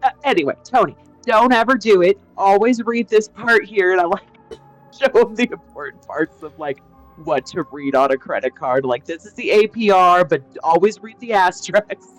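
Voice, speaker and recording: A woman's voice: medium pitch, lively intonation, moderate pace, faint music behind, rough recording. A woman playing her character in a tabletop game, rambling and chatty, full of filler words. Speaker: player.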